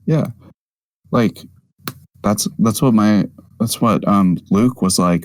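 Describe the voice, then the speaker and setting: A man co-hosting a podcast, chatting casually with quick, opinionated, joking asides. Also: lowish voice, dry recording. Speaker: podcast co-host. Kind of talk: casual chat.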